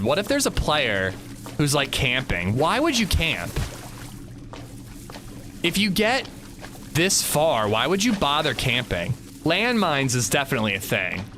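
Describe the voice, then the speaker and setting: Jittery, anxious streamer man, lively voice. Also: medium pitch, slight background noise. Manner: anxious, jittery, talking himself through it. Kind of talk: live gameplay commentary.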